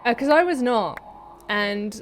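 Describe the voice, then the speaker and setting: A woman's voice: fairly high pitch, lively intonation, measured pace. A young woman streaming a game, chatting casually, rambling and swearing now and then. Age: young adult. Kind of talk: casual gameplay chat. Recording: noisy stream audio.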